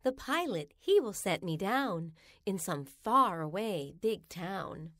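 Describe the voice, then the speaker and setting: A woman reading children's rhymes aloud in a slow, sing-song storybook manner. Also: medium pitch, big pitch swings, a bit bright, no room sound, studio quality.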